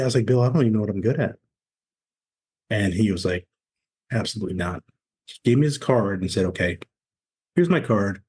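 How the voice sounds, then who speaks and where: A man's voice: fairly low pitch, breathy edge. A man in his forties, a former Navy SEAL, candidly telling his story as a podcast guest and acting out the voices of people he met. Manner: candid, animated storyteller acting out quoted dialogue. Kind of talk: conversational storytelling interview.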